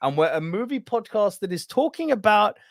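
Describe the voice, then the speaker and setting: A man co-hosting a movie podcast, talking in an excited, animated way and swearing often. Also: high voice, a little fast, no room sound, studio quality. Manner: animated, swears a lot, acts out film quotes. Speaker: podcast co-host. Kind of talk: excited casual chat.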